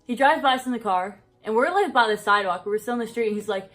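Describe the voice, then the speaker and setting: Young female vlogger, high-ish voice, rambling storyteller, lots of "like", faint music under. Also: fast, a bit bright. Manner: rambling, fills speech with "like", laughs often. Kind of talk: casual storytime chat.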